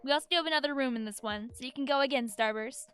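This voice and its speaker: A high, bright-pitched woman with a Long Island accent chats loosely on a gaming livestream. She rambles from one thought to the next and answers viewers' messages as they come in, in an easy, talkative way. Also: racing, smooth. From New York, USA. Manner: chatty and rambling, answers chat messages aloud. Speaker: streamer. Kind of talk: casual livestream chat while gaming.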